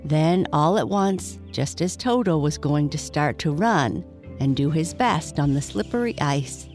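A woman reading a bedtime story aloud, gentle and measured. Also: sits low, animated, soft background music.

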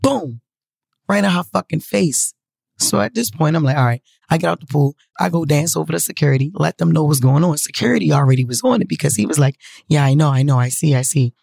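A woman telling a story to her viewers in a casual, profane, animated way. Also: low-pitched, fast, creaky, husky, dry recording.

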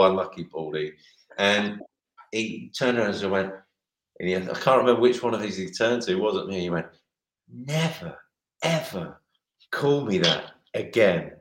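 A middle-aged man, a former goalkeeper, telling rambling stories in casual chat, restarting sentences and acting out other people's lines. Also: low-pitched. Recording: roomy echo.

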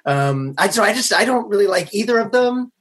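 A man guest on a podcast, talking in a halting, hesitant way. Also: high-pitched, animated, fairly bright tone, a little hiss or hum. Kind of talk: casual recap chat.

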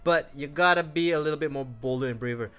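A man's voice: a little high, fast talker, bright, forceful tone, smooth, soft background music. A man co-hosting a podcast, chatting casually about a film in a rambling, profane way. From outside Europe. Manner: rambling, profane, laughs often. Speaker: podcast co-host. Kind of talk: casual movie review chat.

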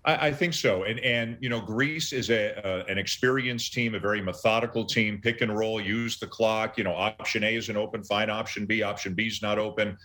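A man's voice: on the low side, fairly even intonation, bright, forceful tone. A middle-aged man, a sports broadcaster on as a guest, talking casually and enthusiastically, often restarting his sentences. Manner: enthusiastic, halting restarts, analytical. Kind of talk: casual sports talk interview.

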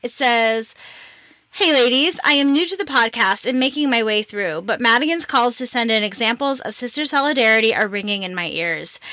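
Brief: playful woman podcast co-host, high bright voice, dry close recording. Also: lively intonation, moderate pace, dry recording. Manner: giggly, playful, reads listener letters. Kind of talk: casual chat.

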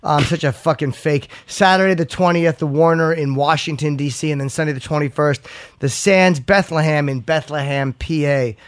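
A man's voice: on the high side, steady tone, moderate pace. A man hosting a radio show, bantering crudely and plugging tour dates from a studio microphone. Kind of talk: casual radio chat.

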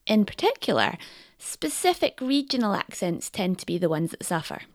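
A woman presenting in a clear, lightly wry scripted narration. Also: mid-range voice, very animated, moderate pace, no room sound, studio quality.

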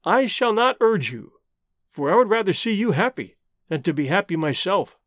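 A man doing a quiet, grave jungle man. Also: big pitch swings, moderate pace, dry recording, clean studio sound. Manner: low, level, restrained.

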